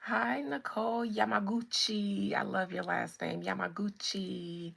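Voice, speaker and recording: A woman hosting a live spiritual chat stream, talking casually and greeting viewers by name in a relaxed way. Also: medium pitch, measured pace, creaky, husky.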